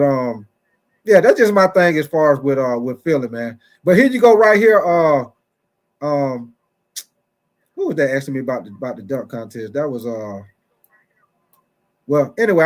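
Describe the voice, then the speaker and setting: A man's voice: a little high, animated, moderate pace, pauses often. A man hosting a casual sports talk livestream, chatty and repetitive, calling out viewers from the chat by name. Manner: chatty, repeats phrases, talks straight to chat viewers by name; playful mock-preacher asides.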